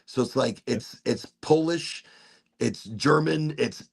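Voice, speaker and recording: A man hosting a casual podcast chat, telling stories in an animated way and swearing freely. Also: medium pitch, slow pace, vocal fry, breathy edge. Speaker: podcast host.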